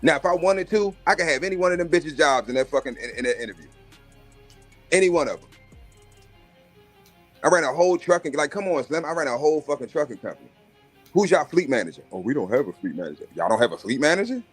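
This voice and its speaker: A man hosting a live stream tells brash, swaggering, profane stories about job interviews, acting out other people's voices in a casual rant. His voice is fairly high and animated, he talks fast with long pauses, and soft music plays in the background.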